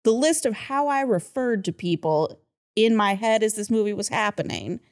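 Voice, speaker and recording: A woman hosting a casual film-review podcast, chatty, with lots of laughter and quick asides. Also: on the high side, darkish tone. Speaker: podcast host.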